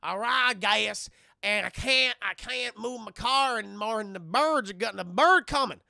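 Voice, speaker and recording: A man doing a loud drawling redneck cowboy. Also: high voice, moderate pace, creaky, no echo, clean studio sound, heavily acted. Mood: menacing drawl. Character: gun-waving redneck cowboy man, pushy, crude.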